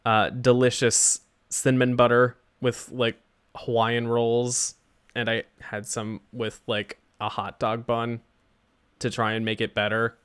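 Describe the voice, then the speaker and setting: A young man chats loosely over a game stream, drifting from topic to topic with a joking edge. His voice is smooth and resonant, sitting at an ordinary middle pitch for a man. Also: monotone, unhurried, a bit bright, no echo. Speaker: let's-play streamer. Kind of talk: casual gameplay chat.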